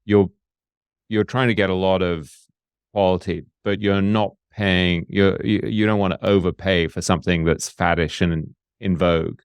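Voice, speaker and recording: A man hosting a podcast interview who asks measured, reflective questions. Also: low-pitched, steady tone, smooth, dry recording. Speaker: podcast host.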